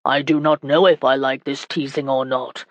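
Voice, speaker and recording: A woman reading an audiobook voicing a stern, quick-tempered medieval baron in a lowered, stern delivery. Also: dry recording, natural voice.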